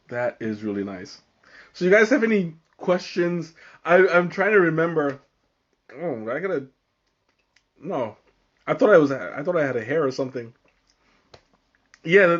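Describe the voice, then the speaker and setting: A man's voice: a little high, muffled recording. A man hosting a live tea tasting, talking casually and often stopping mid-sentence to hunt for the right word. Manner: halting, searching for words, many fillers and restarts. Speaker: livestream host.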